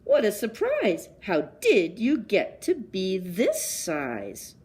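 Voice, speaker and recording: A woman voicing a frightened little boy lost in the woods, in a high, pleading storybook voice. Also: huge pitch swings, slow, darkish tone. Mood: amazed. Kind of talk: read-aloud storybook voice.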